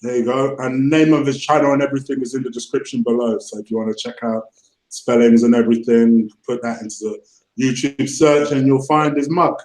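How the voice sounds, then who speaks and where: A man's voice: mid-range voice, a little fast, roomy sound, low-quality recording. A man hosting a casual fan review chat, laughing often. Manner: excitable, laughs often, London slang. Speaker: podcast host.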